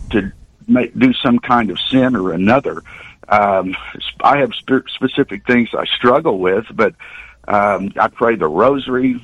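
A man's voice: lowish voice, no echo. Older man on a dull phone line. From Oklahoma, USA. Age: 60s. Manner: earnest, rambling retelling with halting restarts. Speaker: radio caller. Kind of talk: call-in storytelling. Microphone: telephone.

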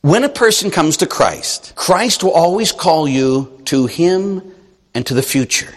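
A man's voice: medium pitch, big-room sound. A man preaching as a Catholic priest, telling stories animatedly and acting out the voices of the people he quotes. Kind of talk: sermon.

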